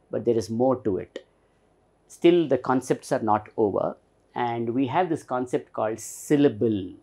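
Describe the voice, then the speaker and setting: Slow, lively-pitched teacher. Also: male voice. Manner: patient, spells out and repeats words slowly. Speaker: English teacher. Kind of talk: classroom lesson on pronunciation.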